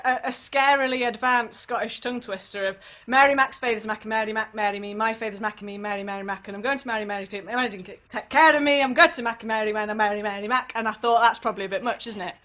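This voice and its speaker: A woman leading an online sing-along warm-up over a computer microphone, chatty and encouraging, with playful asides. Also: a little high, fast talker, few pauses. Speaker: singing workshop leader.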